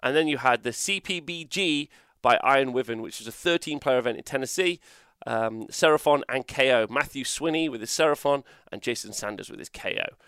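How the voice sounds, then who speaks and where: Chatty man, smooth dry voice. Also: mid-range voice, brisk, fairly bright tone, no room sound. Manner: chatty, rambling with fillers. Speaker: host. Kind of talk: casual results rundown.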